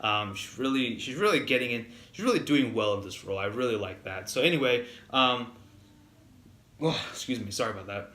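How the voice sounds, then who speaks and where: A man's voice: medium pitch, animated, a little fast. Chatty man reviewing wrestling, echoey room. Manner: rambling, many fillers and restarts; gets heated and louder when annoyed. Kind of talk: casual spoken review.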